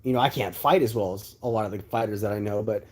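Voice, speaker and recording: A man's voice: fairly low pitch, quick pace. A man in his thirties from Texas, host of a livestream, telling a personal story casually with many asides and fillers. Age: 30s.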